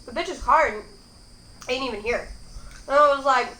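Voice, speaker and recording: A woman's voice: high voice, unhurried, sharp tone, reverberant, rough recording. A young woman hosting a mukbang at home, chatting casually and rambling between bites. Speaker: mukbang host. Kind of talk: casual chat while eating.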